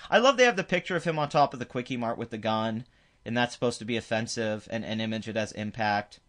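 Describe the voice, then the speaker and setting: A man's voice: medium pitch, lively intonation, fast talker, fairly bright tone. A man hosting his own commentary video, ranting emphatically and dismissively with frequent restarts. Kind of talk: opinionated commentary rant.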